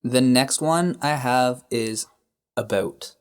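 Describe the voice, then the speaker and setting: A Canadian man with an easygoing manner, co-hosting a casual podcast lesson. He models each word slowly and patiently, the way a friendly teacher would, and his pitch sits right in the middle for a man. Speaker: podcast co-host, English teacher.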